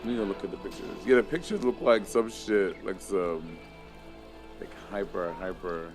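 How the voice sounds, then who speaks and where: A man in his thirties with a lowish voice chats casually as a co-host. He tells rambling stories and swears freely. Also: normal speed, over music. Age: 30s. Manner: chatty storyteller, swears freely. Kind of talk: casual chat.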